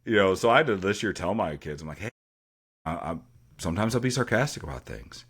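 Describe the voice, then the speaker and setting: A man with a deep voice, a teacher co-hosting a casual podcast chat and telling stories with dry sarcasm. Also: lively intonation, quick pace, fairly bright tone, slightly rough. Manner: dry sarcastic humor, storytelling with acted quotes.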